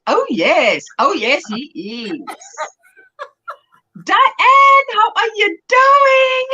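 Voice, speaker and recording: A woman's voice: very high voice, expressive, extremely slow, long pauses, sharp tone, lo-fi sound. A South African woman hosting a crochet livestream, chatting playfully, giggling often, and reading viewer comments aloud.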